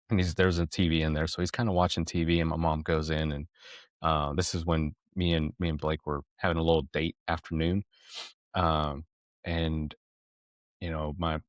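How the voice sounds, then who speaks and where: A man's voice: low-pitched, dry recording, clean studio sound. A man co-hosting a parenting podcast, telling a personal story in a rambling, reflective way with many restarts. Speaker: podcast co-host. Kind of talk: casual storytelling chat.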